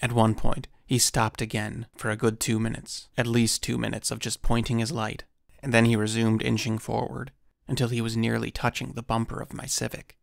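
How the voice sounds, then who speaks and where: A man narrating a first-person encounter story in a measured storytelling manner with dry asides. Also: medium pitch, little pitch movement, creaky, no room sound.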